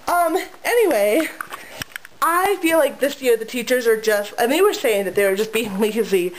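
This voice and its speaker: A woman's voice: on the high side, animated, moderate pace, a little hiss or hum, poor audio. A young woman, a preschool teacher, chatting casually at home in a rambling way with lots of filler words. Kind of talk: casual chat. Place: home, indoors.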